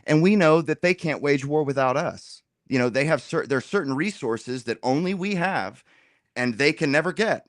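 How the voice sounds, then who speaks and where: A man in a casual political roundtable debate, talking in an animated, argumentative way and dropping slang as he makes his point. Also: on the high side, normal speed, dry recording, studio quality. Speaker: roundtable guest.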